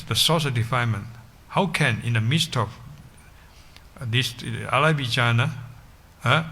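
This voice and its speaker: A male Buddhist teacher gives a dharma talk, explaining ideas patiently. His voice is bright and forward, and he often restarts phrases and checks in with a quick "yeah?". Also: medium pitch.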